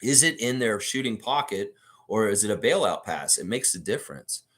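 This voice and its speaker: A man hosts a casual live fan stream and reads viewer comments aloud. His voice swings widely in pitch as he reacts to each one with animated opinions. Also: moderate pace. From Canada.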